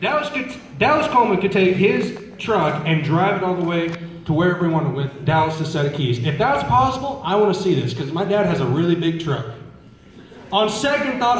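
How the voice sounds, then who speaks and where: A young man with a fairly high voice tells stand-up stories on a school talent show stage. He is chatty and keeps asking the crowd questions. He sounds far from the mic in a very echoey hall. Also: sing-song, brisk. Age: young adult. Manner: chatty, asks the crowd questions, acts out relatives. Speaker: student comedian. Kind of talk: stand-up storytelling.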